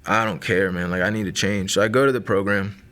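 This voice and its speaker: A man in his late twenties from Maryland, USA, a guest sharing his testimony, tells it in a casual, filler-heavy way with lots of likes and restarts. His voice is lowish and bright with a forceful tone, fairly even intonation, and a slightly fast pace.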